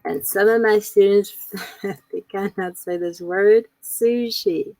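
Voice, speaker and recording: A woman speaks slowly in a low, gravelly voice. She runs a live teaching webinar in a relaxed way, often repeating herself and reading out questions from the chat. The sound is dry and close. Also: no echo, faint music behind, poor audio. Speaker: ESL teacher trainer. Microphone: computer mic on a video call.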